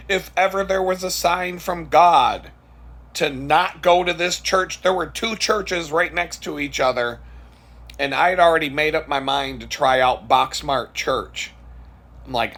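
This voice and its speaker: A man with a husky, slightly rough voice tells a story to the camera in a casual vlog. He talks bluntly and swears freely. He often laughs at his own story. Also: on the high side, measured pace, a bit bright. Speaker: vlogger.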